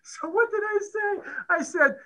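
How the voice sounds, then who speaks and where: A man's voice: extremely high pitch, a little slow, sharp tone, poor audio. A middle-aged man, a head football coach, telling a story with energy, acting out quotes and laughing often. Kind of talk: storytelling at a conference talk.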